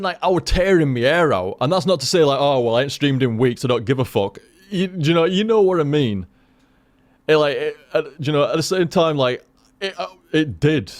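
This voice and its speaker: A young man chatting casually to his stream viewers, rambling and swearing with lots of restarts. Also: fairly high pitch.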